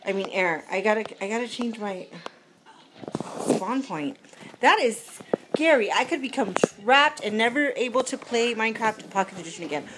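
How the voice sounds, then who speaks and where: A woman chatting casually as she plays a mobile game, giggly and quick to apologize. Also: on the high side, expressive, background noise. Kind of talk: casual gameplay commentary.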